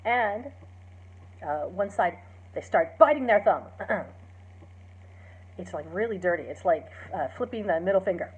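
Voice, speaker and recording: A woman's voice: mid-range voice, lively intonation, measured pace, long pauses, breathy edge. A woman, a teacher, casually retelling a play's story, chatty with many fillers and acting out the quoted lines. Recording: dull lo-fi recording.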